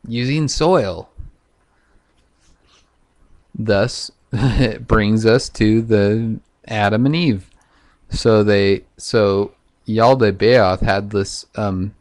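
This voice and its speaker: A man talking in a loose, profane, halting monologue full of fillers, vlogging to camera. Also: fairly low pitch. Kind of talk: casual rambling monologue.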